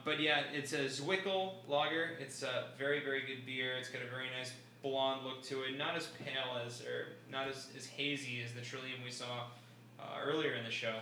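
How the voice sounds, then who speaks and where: A male podcast guest with a bright, lively voice, breaking down his picks and laughing often. The sound is roomy, with a faint hum of background noise. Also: mid-range voice. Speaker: podcast guest, fantasy sports analyst. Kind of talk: casual chat.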